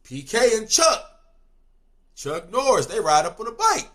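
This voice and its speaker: A young man telling a street story in casual slang, swinging between loud outbursts and low mumbles. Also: sing-song, measured pace.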